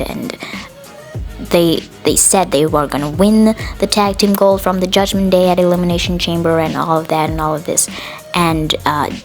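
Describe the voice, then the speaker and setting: Chatty opinionated woman podcast host. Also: lowish voice. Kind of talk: casual solo recap of a wrestling show.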